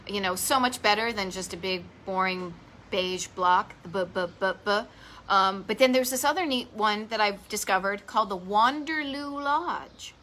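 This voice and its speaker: A woman's voice: medium pitch, normal speed, pushed and bright. A woman with a Boston accent hosting a live online show about vintage travel spots, chatting casually and enthusiastically with self-deprecating asides. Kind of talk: casual live-stream chat. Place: home garage office.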